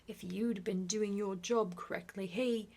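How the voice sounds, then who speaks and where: A woman voicing a stern, blustering duke fixated on his bloodline, in a breathy, gravelly whispered role-play. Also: mid-range voice, fairly even intonation, measured pace. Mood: raging. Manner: blustering, shouting in bursts. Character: stern, furious old duke obsessed with bloodline.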